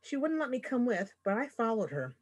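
A woman's voice: fairly high pitch, very animated, a little fast, husky, voice pushed up. A woman voicing a shy, clumsy young male griffin cub with a timid, polite, stammering way of talking.

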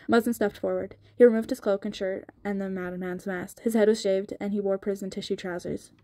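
A woman narrates a novel in a sped-up audiobook, reading steadily with the odd small slip. Her tone is mellow and her delivery stays flat. The recording is dry and close. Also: mid-range voice, fairly quick, no room sound.

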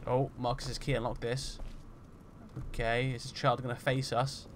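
A man hosting a game roleplay, talking through it in a chatty, jokey way and getting loud and jumpy when startled. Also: medium pitch, little pitch movement, moderate pace, background noise. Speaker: gaming roleplay host. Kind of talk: roleplay let's-play commentary.

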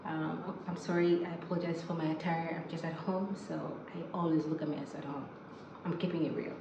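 A woman's voice: sits low, fairly quick, echoey room, noisy background. Chatty woman vlogging from home. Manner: chatty, excitable, lots of fillers. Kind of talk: casual vlog chat.

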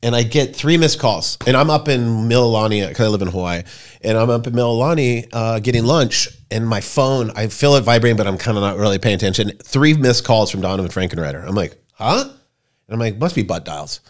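A man in his forties, a podcast guest, tells stories in a casual, rambling and profane way, jumping into loud high voices when he quotes people. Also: a little fast. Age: 40s. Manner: acts out quoted voices with big pitch jumps. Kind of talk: casual storytelling chat.

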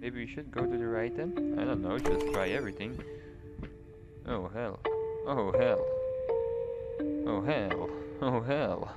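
A man's voice: mid-range voice, unhurried, pauses often. A man playing a horror game on his channel, swearing, shrieking in panic and laughing nervously. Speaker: let's play host. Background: game music.

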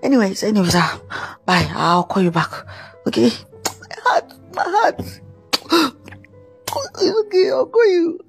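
A woman's voice: a little high, huge pitch swings, unhurried, gravelly, pauses often, breathy edge, faint music behind, heavily acted. A woman playing a heartbroken, dramatic male musician in a comedy skit, wailing and repeating herself. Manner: wailing, melodramatic, repeats himself. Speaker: comic actor.

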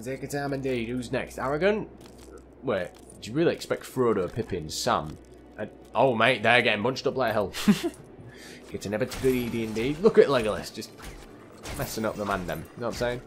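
A young man giving chatty, excitable commentary while playing a video game, often calling his viewers lads and mate. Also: medium pitch, a little hiss or hum. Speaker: gaming channel host. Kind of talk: let's play gameplay commentary.

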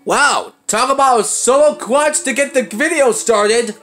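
A young man giving let's play commentary, excitable and often breaking into panicked high shouts. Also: unhurried, faint music behind. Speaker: gaming channel host.

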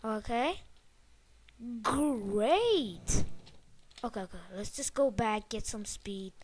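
A young woman giving casual let's-play commentary, excitable and swearing as she talks to the game. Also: a little high, takes it slowly. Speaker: gameplay commentator.

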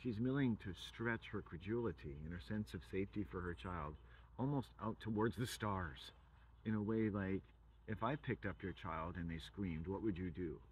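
A man's voice: low-pitched, moderate pace, a little hiss or hum, low-quality recording. A man from England, rambling through a profane, provocative monologue full of wordplay.

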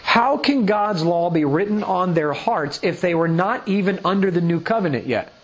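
A male pastor with a high-sitting, expressive voice preaches at normal speed. He presses his teaching with rhetorical questions and scripture read aloud, all delivered emphatically. The recording's highs are cut off.

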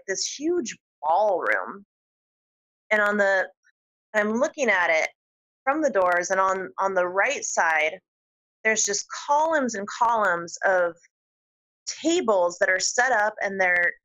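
A woman telling stories as an interview guest, animated and chatty and quick to laugh. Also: mid-range voice, rough recording. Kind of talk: storytelling interview.

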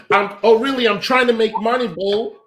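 A man's voice: sits high, a bit bright. A man co-hosting a stream, sassy and teasing. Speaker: stream co-host. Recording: roomy sound with faint noise.

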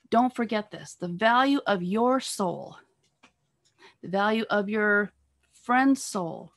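A woman giving an earnest sermon over a video call, pressing her listeners with repeated rhetorical questions and halting now and then on fillers and restarts. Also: mid-range voice, fairly bright tone. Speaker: speaker at a church talk on marriage.

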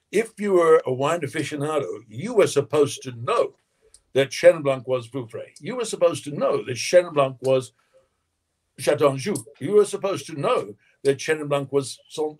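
A man, a winemaker guest in an interview, telling lively anecdotes and acting out quotes with frequent laughter. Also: a little high. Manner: animated storyteller, acts out quotes, laughs often.

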